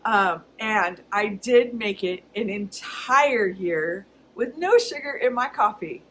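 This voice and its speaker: A woman's voice: mid-range voice, expressive, takes it slowly, a bit bright, a little hiss or hum, low-quality recording. A woman talking casually to her camera in a personal vlog, chatty and candid, often laughing. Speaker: vlogger.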